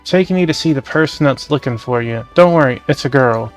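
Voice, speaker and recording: A man streaming a game, reading the dialogue aloud in a casual, brisk way. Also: mid-range voice, faint music behind. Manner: casual, brisk, reads every part.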